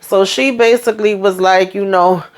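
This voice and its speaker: A woman recapping a TV episode in a casual vlog, retelling the scenes and acting out the dialogue with salty, animated commentary. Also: medium pitch, moderate pace. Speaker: show recap vlogger.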